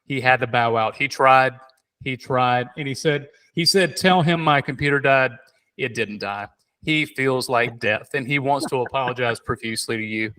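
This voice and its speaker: A man hosting a podcast in casual chat, telling animated stories with many fillers and restarts. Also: mid-range voice, moderate pace. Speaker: podcast host.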